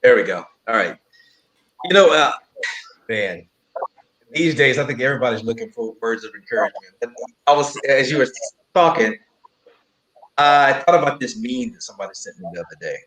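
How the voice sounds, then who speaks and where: A man on a video call panel, telling a story in a relaxed, easygoing way. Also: mid-range voice, fairly quick, pauses often, reverberant, low-quality recording. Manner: relaxed storyteller, laughs softly.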